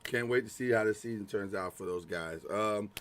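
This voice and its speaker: A man co-hosting a sports podcast in casual, animated chat, often repeating words and laughing. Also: on the low side, moderate pace. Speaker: podcast co-host.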